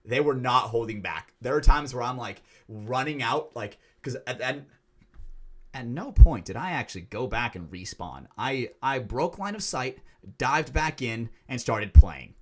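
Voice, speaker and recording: Animated, profane male podcast storyteller. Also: medium pitch, a little slow. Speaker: podcast co-host. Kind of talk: casual chat.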